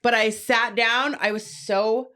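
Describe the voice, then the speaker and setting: A woman's voice: fairly high pitch, flat delivery, slow pace, pushed and bright. A young woman co-hosting a podcast, telling stories in casual, profane chat and laughing often. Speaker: podcast co-host.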